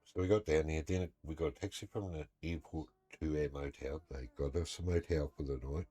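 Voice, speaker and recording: A man's voice: rumbling low, steady tone, fairly quick, dark tone, slightly rough. A man, a gaming streamer casually telling a story in a blunt, swearing, heated way. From New Zealand.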